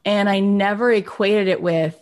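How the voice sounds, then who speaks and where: A woman's voice: medium pitch, steady tone, normal speed. A woman podcast host sharing a personal story openly and emotionally, rambling and using many filler words. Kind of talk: conversational interview.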